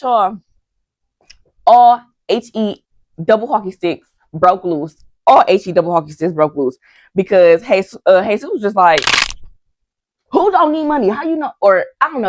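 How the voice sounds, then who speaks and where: A woman's voice: medium pitch, no echo. Gossipy woman recapping a reality show. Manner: chatty and gossipy, addresses viewers as y'all, acts out quotes. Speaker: recap vlogger.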